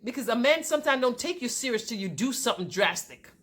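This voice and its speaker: A woman's voice: fairly high pitch, lively intonation, quick pace, fairly bright tone, husky. A woman vlogger telling a personal relationship story straight to her viewers, with emphasis.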